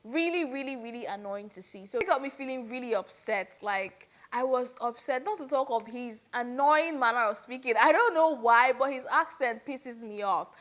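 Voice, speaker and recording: A young woman with a somewhat high voice rants about reality-show drama. She talks casually and with exasperation, full of "like" and "you know". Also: normal speed, hardly any pauses. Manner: exasperated, animated ranting with frequent "like". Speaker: commentator.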